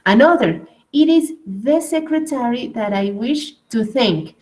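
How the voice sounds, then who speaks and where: A woman whose first language is Spanish, teaching an English grammar class at a slow, hesitant pace and often checking in with "right?". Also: a little high, expressive, a little mellow, low-quality recording.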